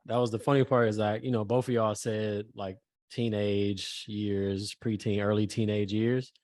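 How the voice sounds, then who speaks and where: A man's voice: lowish voice, level tone, moderate pace, a little mellow, no room sound, studio quality. A man co-hosting a casual podcast chat, talking bluntly and emphatically in slang. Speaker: podcast co-host.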